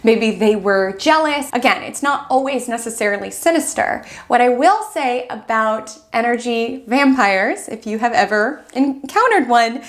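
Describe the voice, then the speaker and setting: Woman, astrologer, casual horoscope chat, chatty, lots of "like", a bit high-pitched. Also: expressive, normal speed, few pauses. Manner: chatty, acts out quoted friends, fills with "like". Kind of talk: casual weekly horoscope talk.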